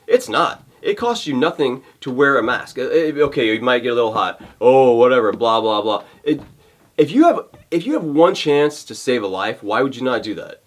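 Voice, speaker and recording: A man's voice: mid-range voice, lively intonation, moderate pace. A male vlogger ranting to camera, fired up and exasperated, often repeating himself. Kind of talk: heated rant to camera.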